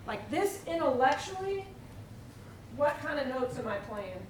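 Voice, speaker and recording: Woman percussion clinician, high voice, far from the mic in a roomy hall, conversational and quizzing. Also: big pitch swings, unhurried, very noisy. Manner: chatty, quizzes the audience with "right?". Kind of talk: live drum clinic teaching. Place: large echoey hall with audience. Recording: roomy live hall, distant mic, loud drumming.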